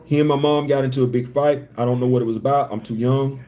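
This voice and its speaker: A man's voice: medium pitch, steady tone, fast, dark tone. A man hosting a casual livestream chat from a hotel room, joking and repeating his phrases. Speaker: host.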